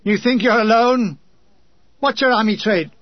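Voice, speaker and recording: A man's voice: high voice, a little slow, no room sound, highs cut off. A man voicing a blustering, sniffing older army major who talks curtly and stammers over his words. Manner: curt, stammering repetition.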